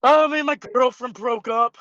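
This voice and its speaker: A man's voice: extremely high pitch, normal speed, no echo. Joking thirty-something man, muffled mic. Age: 30s. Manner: joking, deadpan absurd humor. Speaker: co-host. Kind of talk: casual podcast chat.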